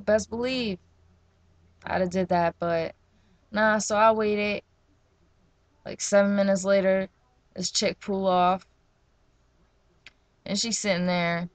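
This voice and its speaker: A young woman from New Jersey, with a medium-pitched voice in a dry recording, rants in a casual vlog. She tells slangy, profane stories in an animated way.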